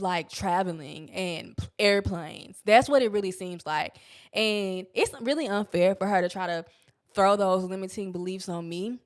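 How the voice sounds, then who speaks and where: A young woman hosting a podcast, talking candidly about self-help in a casual, blunt way, swearing freely and stretching words for emphasis. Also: medium pitch. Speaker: podcast host.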